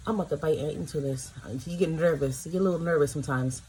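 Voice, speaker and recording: Woman vlogger, low-ish voice, chatty and excitable, home tasting video with faint background hiss. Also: fast, low-quality recording. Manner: chatty and emotional, exclaiming over food. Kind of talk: casual food-tasting vlog. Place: home, in pajamas.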